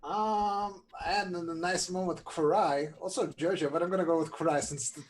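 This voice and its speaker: A man playing a tabletop role-playing game, talking casually with many fillers and pauses. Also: high voice, fairly even intonation. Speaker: player.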